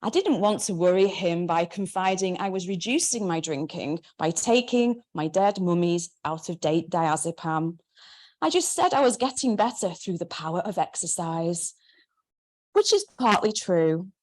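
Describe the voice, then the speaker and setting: A woman, reading her memoir aloud in a wry, measured way. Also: fairly low pitch, animated, darkish tone. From Manchester, England. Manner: wry, measured first-person narration. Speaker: memoir author.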